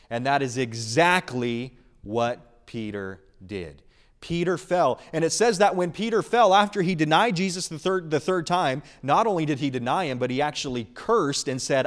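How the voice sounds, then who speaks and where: Earnest, slightly high-voiced male preacher. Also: animated, moderate pace. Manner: earnest, emphatic preaching that swings between loud and hushed. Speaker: pastor. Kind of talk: sermon.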